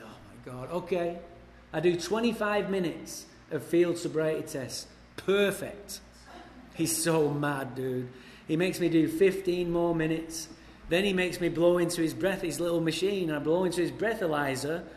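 Englishman, blunt wry storyteller at a recovery meeting, slightly high voice, echoey hall with long reverb. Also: slight background noise. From England. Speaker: recovery speaker. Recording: echoey hall, faint ambience.

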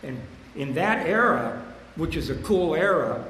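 An older man shares his recovery story at a meeting in a blunt, streetwise way. He rambles, circles back on phrases and suddenly gets louder on the punchlines. His voice rings out through a large, reverberant hall, with a faint hum of the room underneath. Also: sing-song, a little slow. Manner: bursts louder and higher on punchlines.

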